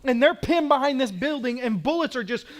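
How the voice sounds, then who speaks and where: A man's voice: extremely high pitch, expressive, brisk. A middle-aged male pastor preaching a sermon with passion, repeating declarations for emphasis.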